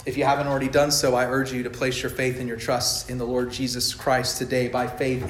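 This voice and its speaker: A man preaching an emphatic sermon to his congregation, building to loud fervor. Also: medium pitch, completely flat delivery, brisk, few pauses, a little hiss or hum. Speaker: pastor. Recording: echoey church hall.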